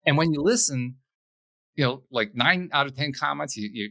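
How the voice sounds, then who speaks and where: A middle-aged man talking as a podcast guest, animated, thinking aloud with frequent restarts. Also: medium pitch, a little fast, no room sound. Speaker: podcast host, guest here. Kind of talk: conversational interview.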